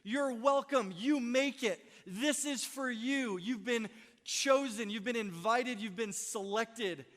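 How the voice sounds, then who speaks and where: With long hall reverb filling the church sanctuary, a young man delivers a Christmas Eve sermon as pastor. His voice is very high, slow, and a bit bright, and his style is chatty and self-mocking, peppered with "right?"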